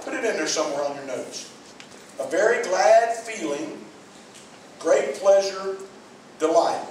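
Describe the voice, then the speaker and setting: A man preaching a sermon to his congregation, earnest and repetitive, speaking straight to the people in the pews. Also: sits high. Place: church sanctuary. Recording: very echoey church hall, mic far off, faint noise.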